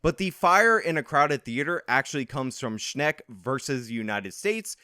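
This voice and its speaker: A man's voice: mid-range voice, expressive, measured pace, sharp tone, clean tone, no echo. Combative man lecturing in dry close sound. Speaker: political commentary host. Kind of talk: reaction commentary.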